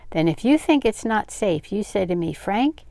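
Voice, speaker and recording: A woman's voice: medium pitch, very animated, moderate pace, gravelly, warm tone, no echo. An older woman reading aloud, voicing an easygoing teenage boy who coaxes and jokes. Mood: coaxing. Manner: persuasive, joking.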